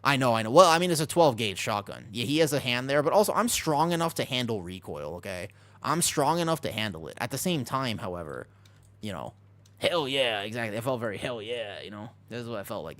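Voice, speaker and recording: A man casually chatting with his viewers while streaming a game, excitable and talkative. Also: mid-range voice. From United States. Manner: excitable, chatty, reacts to chat.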